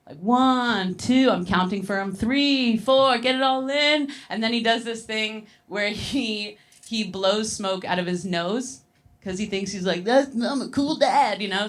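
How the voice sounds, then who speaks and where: A woman telling a stand-up comedy story, with an animated, rambling delivery full of fillers and quick laughs. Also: medium pitch.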